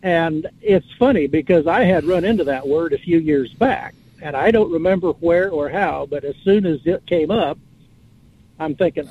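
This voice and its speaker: A man's voice: on the high side, normal speed, darkish tone, slightly rough. A man calling in to a radio talk show, casually rambling and spelling out words as he muses. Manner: rambling, musing storyteller who spells out words. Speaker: caller. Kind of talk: casual call-in chat. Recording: tinny phone line with faint hiss.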